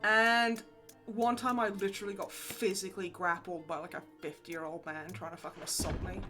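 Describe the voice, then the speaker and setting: A woman's voice: mid-range voice, moderate pace, over music. A young woman hosting a livestream, chatting casually while she plays, telling stories with lots of swearing and laughter. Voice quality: sweary, laughing, animated storyteller. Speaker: livestream host. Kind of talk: casual chat while gaming.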